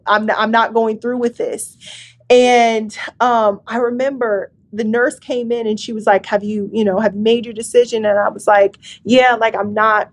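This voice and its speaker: A young woman telling an emotional personal testimony as a guest, often filling with "like". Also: mid-range voice. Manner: emotional, many fillers like "like".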